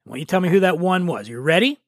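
A man's voice: high-pitched, animated, racing, dry recording, clean studio sound. A man hosting a podcast, chatting casually and teasing his guest with a playful quiz. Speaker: podcast host. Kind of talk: casual chat.

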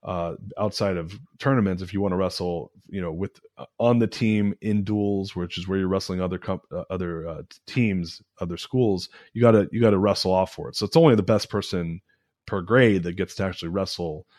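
A man in his forties with a fairly low voice, hosting a solo podcast. He talks casually and energetically, rising when he is fired up and sinking low when he reflects. The sound is dry and close. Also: a little fast, darkish tone, dry recording. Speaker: podcast host.

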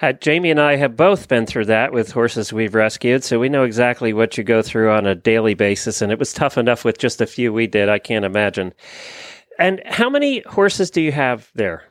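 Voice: medium pitch, animated, moderate pace, dry recording. A podcast host chatting and interviewing, teasing and laughing often. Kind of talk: casual chat and interviewing.

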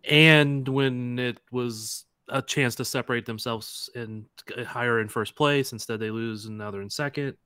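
A man's voice: mid-range voice, fairly even intonation, normal speed, hardly any pauses, pushed and bright, smooth, dry recording, studio quality. A man, co-hosting a sports podcast in a plain, slightly glum way. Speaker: podcast co-host, team photographer. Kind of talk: casual sports chat.

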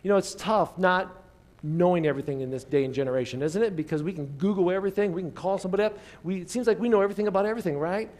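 An American man preaching a sermon in a church service, moving between raised emphatic lines and soft near-whispers and having the congregation repeat after him. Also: sits high, rapid-fire. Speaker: pastor.

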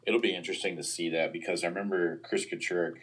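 Very deep, husky-voiced man. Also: steady tone, fast talker, fairly bright tone. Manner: hedging, analytical, frequent "you know" and "um". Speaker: sports analyst guest. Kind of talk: casual football podcast chat.

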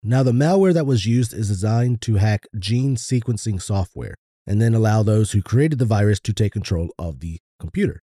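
Casual male podcast co-host, deep dark timbre, laid-back delivery with loose swearing. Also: lively intonation, normal speed, dry recording, clean studio sound.

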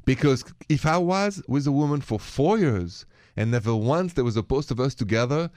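A man's voice: mid-range voice, animated, normal speed, darkish tone, dry recording. French-accented man hosting a radio call-in. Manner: chatty, mixes in French greetings. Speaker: radio call-in show host.

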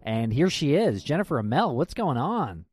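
A man's voice: mid-range voice, sing-song, moderate pace, a little mellow, breathy edge, no room sound, clean studio sound. A man hosting a podcast in casual chat, joking and sarcastic. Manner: sarcastic, jokey. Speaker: podcast host.

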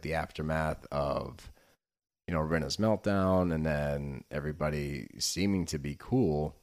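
A man co-hosting a podcast, recapping a reality show in casual, sweary chat that turns heated. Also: a bass voice. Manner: heated, sweary, laughs easily. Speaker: podcast co-host.

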